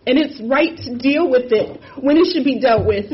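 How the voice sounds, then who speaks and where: A woman's voice: sits high, expressive, normal speed, few pauses. A woman on a university board giving an impassioned, emphatic statement at a public meeting, repeating phrases for force. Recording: muffled lo-fi audio with faint background noise.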